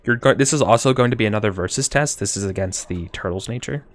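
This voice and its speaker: A man running a tabletop game as game master, talking casually with frequent self-corrections. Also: fairly low pitch. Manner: casual, rambling, quick apologies and self-corrections.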